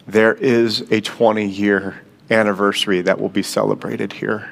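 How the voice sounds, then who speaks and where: A man's voice: on the low side, fairly even intonation, normal speed, gravelly, few pauses. A man from Michigan, a guest pastor, giving a sermon in a loose, conversational, storytelling way with frequent fillers. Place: church service in a gym.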